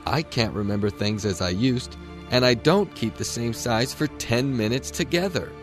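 A man's voice: mid-range voice, moderate pace, soft background music, voice pushed up, lightly acted. A man voicing a shy, polite young girl in a storybook reading, speaking with hasty courtesy.

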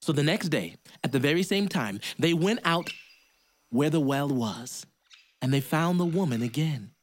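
A man telling a folk tale, in a lively, rhythmic way with sound effects. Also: a little high, moderate pace. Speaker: storyteller.

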